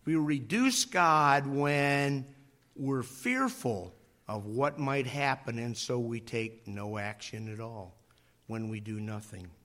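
Slow, bright-voiced male preacher. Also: medium pitch. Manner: slow, dramatic delivery, drops to near whisper on key phrases; acts out voices in stories. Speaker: pastor. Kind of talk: sermon.

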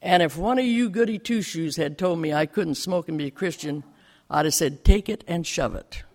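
A woman's voice: on the low side, normal speed, darkish tone, close to an everyday voice. A man quoting a blunt, defiant churchgoing woman. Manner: defiant, plain-spoken. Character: blunt outspoken churchgoing woman, newly converted.

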